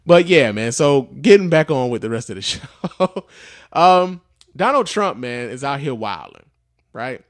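A man's voice: mid-range voice, very animated, measured pace, no echo, studio quality. A man hosting a podcast, telling a story casually with profanity and lots of fillers. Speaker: podcast host.

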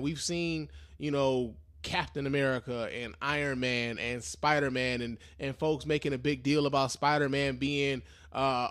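A young man hosting a live podcast in loose, profane slang, talking casually and with a lot of energy. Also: medium pitch. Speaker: podcast host.

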